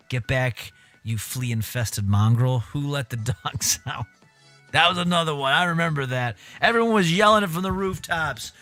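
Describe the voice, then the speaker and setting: Lively, bright-voiced male streamer. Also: fairly high pitch. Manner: rambling, jokey, animated asides. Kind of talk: casual livestream commentary, reading a news article aloud.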